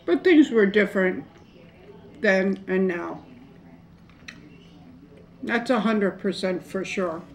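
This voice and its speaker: A woman's voice: medium pitch, takes it slowly, long pauses. A middle-aged woman chatting casually to camera during a mukbang, rambling and folksy. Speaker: mukbang vlogger. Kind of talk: casual chat to camera while eating.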